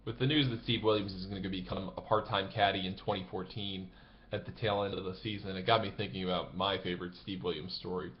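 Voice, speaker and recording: A man telling a story in a casual, animated, conversational way, sometimes laughing as he talks. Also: low-pitched, fast talker, highs cut off. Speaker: golf blogger.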